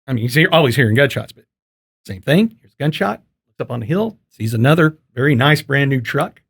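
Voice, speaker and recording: A man's voice: medium pitch, expressive, brisk, creaky, a bit bright, breathy edge. A man hosting a casual podcast interview, folksy and joking. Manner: folksy and joking, loose with fillers. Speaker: podcast host.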